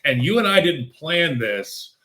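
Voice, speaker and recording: A man's voice: on the high side, sing-song, measured pace, bright, forceful tone. A man co-hosting a sports talk show, chatting casually and telling stories over a video call. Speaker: podcast co-host.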